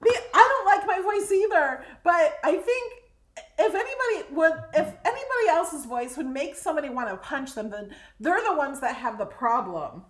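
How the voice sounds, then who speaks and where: A woman's voice: high-pitched, animated, normal speed, roomy sound. A woman hosting a live crafting stream, chatting in a friendly way and laughing easily as she works. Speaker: host crafter.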